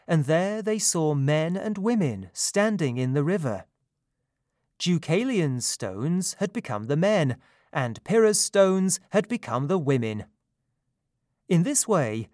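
A male narrator reads a myth aloud in a calm, measured way. His voice is a little high for a man, his pace unhurried, and the sound close and dry. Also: dry recording. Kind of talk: storybook reading.

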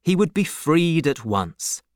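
A male audiobook narrator who tells the story slowly, with a lively, expressive rise and fall in pitch. The sound is close and dry, with no room around it. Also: dry recording.

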